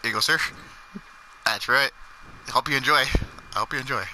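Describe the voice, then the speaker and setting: Brief: a man putting on a deep, polite saloon bartender, soft and unhurried. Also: a little hiss or hum, low-quality recording. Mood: courteous. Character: smooth low-voiced male bartender serving guests.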